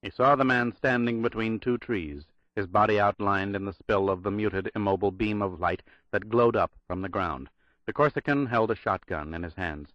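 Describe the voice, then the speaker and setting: A man narrating a thriller audiobook in a measured, dramatic read. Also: fairly low pitch, no echo, muffled recording.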